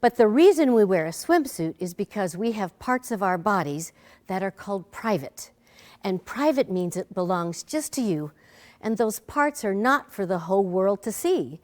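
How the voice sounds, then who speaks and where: A woman teaching a preschool lesson, talking gently to a bear puppet and young children. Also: mid-range voice, very animated, moderate pace.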